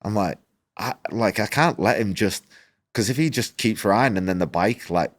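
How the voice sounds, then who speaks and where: A man with a deep, low voice recounts his experience as a racer, speaking casually and with animation. He slips into quoted back-and-forth and peppers his speech with "like". The sound is close and dry, with no room echo. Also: moderate pace. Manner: animated, acts out quoted exchanges, frequent "like" fillers. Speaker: motorcycle racer, podcast guest. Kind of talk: casual storytelling in an interview.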